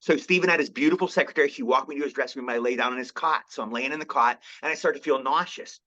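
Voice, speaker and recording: A man's voice: mid-range voice, racing, highs cut off. A man in his sixties, an actor guest, telling stories in a casual interview, acting out the lines he quotes. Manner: animated storyteller, acts out quotes. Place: theater lobby.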